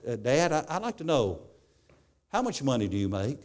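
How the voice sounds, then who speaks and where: A man's voice: medium pitch, very animated, normal speed, a little mellow, close to an everyday voice. A male preacher voicing a young son who hesitantly asks his father for time and money. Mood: pleading. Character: small boy pleading quietly with his father.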